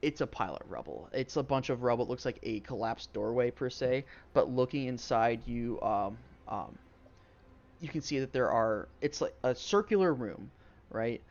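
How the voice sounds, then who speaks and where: A man's voice: mid-range voice, lively intonation, moderate pace, darkish tone. Rambling male game master, lo-fi. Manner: loose and rambling, many fillers. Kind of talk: narrating a tabletop game.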